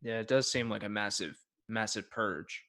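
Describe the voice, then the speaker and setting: A man hosts a casual late-night livestream with a fairly low voice. He chats in a friendly, rambling way and keeps thanking people warmly. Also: normal speed. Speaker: livestream host.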